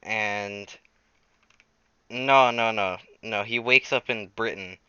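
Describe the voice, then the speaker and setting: A man improvising a silly story, rambling and correcting himself as he goes. His voice is bright and smooth, with animated pitch. The sound is dry and slightly lo-fi. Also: takes it slowly, no room sound. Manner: rambling, self-correcting, lively. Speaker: storyteller host.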